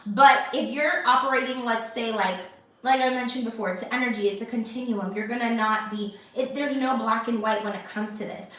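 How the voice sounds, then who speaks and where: Young woman host, fairly high voice, rambling casual delivery, echoey room, mic set back from her. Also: a little fast, fairly bright tone, recorded from a distance. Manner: chatty, many fillers and restarts. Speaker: lifestyle channel host. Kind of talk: casual talk to camera.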